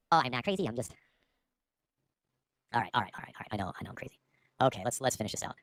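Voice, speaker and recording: A man talking very fast on a home livestream, his voice swinging widely up and down as he rambles. He interrupts himself and jokes around. The sound is dry and close to the mic. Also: medium pitch, big pitch swings, fairly bright tone, dry recording. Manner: rambling, playful, self-interrupting. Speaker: livestream host. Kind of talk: casual livestream chat.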